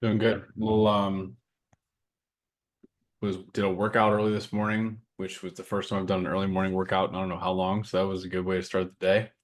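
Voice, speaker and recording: A man co-hosting a casual podcast, talking earnestly and reading a list of sayings aloud in a steady way. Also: low-pitched, brisk. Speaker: podcast co-host and coaching business owner.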